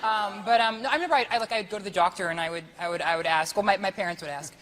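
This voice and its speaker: A young man with a very high, light voice, chatting as a talk show guest, laughing often and stammering through restarts. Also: racing, a bit bright, long reverb tail, slight background noise.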